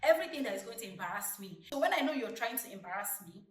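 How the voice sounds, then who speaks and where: A young Nigerian woman in her twenties, a vlogger telling stories from her childhood in a chatty, lively way. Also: medium pitch, fast talker. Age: 20s. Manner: chatty, lively retelling with acted-out quotes. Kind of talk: casual storytelling to camera. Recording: roomy, distant mic.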